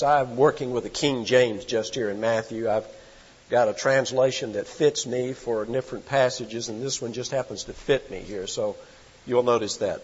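A man's voice: mid-range voice, slightly rough, big-room sound, lo-fi sound. A man preaching an expository sermon, reading scripture aloud and dwelling on key words with dramatic emphasis. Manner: slow, dramatic emphasis with sudden swells.

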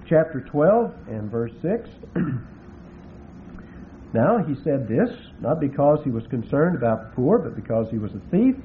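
Emphatic preacher on a tinny line. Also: male voice, medium pitch, sing-song. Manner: emphatic, slows to spell out Greek words. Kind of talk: expository Bible teaching sermon. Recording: tinny phone-like recording with faint hiss.

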